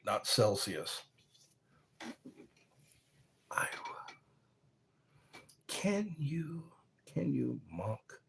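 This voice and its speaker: Slow-talking husky man streamer. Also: mid-range voice. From United States. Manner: slow, rambling, reads chat messages aloud. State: a little tipsy from wine. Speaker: live streamer. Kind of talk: casual live-stream chat reading comments.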